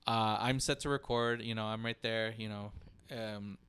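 Male podcast co-host, rambling storyteller, smooth clear voice. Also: lowish voice, steady tone, moderate pace, a bit bright. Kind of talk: casual chat.

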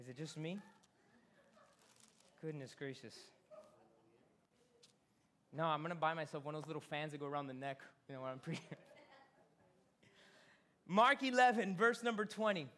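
Bright-voiced man preaching a conversational sermon. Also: on the high side. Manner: conversational, emphatic preaching with slowed key phrases. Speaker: pastor. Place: church sanctuary.

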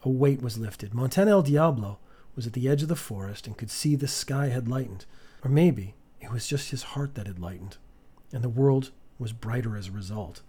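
A man tells a comic choose-your-own-path story in a dry, mock-solemn tone. His voice is husky, sitting at an ordinary male pitch. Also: lively intonation, normal speed, dark tone. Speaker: podcast storyteller.

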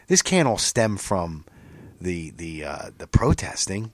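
A man's voice: deep voice, sing-song, slow pace, no echo. A man in casual chat, telling a story in a rambling, profane way with many restarts.

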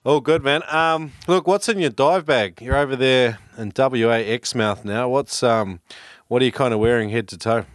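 A man's voice: mid-range voice, normal speed, dry recording, studio quality. A man hosting a podcast interview, upbeat and keeping the chat moving. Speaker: podcast host.

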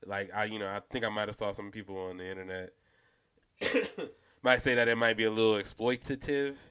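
A man with a lowish, bright and smooth voice, talking loosely like he's hanging out with friends. He rambles, drops slang, and keeps circling back with fillers. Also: fairly even intonation, fairly quick. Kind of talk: casual chat.

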